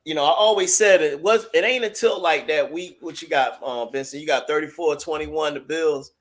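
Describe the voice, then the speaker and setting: A man's voice: a little high, moderate pace. A man hosting a sports talk live stream, chatting casually and loosely with viewers and reading their chat messages aloud.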